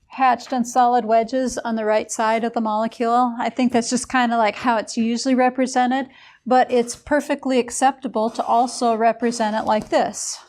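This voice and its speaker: A woman's voice: a little high, flat delivery, normal speed, a little mellow. A woman lecturing a chemistry class in a casual, explanatory way, with a few fillers as she goes.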